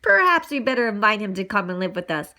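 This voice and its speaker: A woman's voice: medium pitch, very animated, fast, heavy background noise, pitched below the performer's own voice. A woman voicing a worried grown man in a storybook reading, speaking with fussy concern. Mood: gentle. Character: anxious dad, a grown man.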